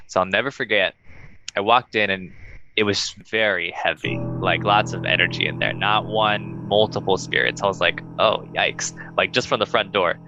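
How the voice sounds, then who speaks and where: A young man casually telling a ghost story on a podcast, acting out quoted lines in a higher voice. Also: highs cut off. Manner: animated, acts out quoted dialogue in a higher voice.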